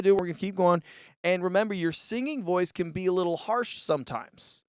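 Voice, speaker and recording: A man's voice: high-pitched, fairly quick, smooth, no room sound, studio quality. A man giving a casual tutorial on a live mixer, talking loosely and saying "dude", speaking into a vocal mic. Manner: laid-back, says "dude" a lot, demonstrates with his voice. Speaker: music tutorial host. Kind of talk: casual instructional demo. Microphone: vocal mic through a live mixer.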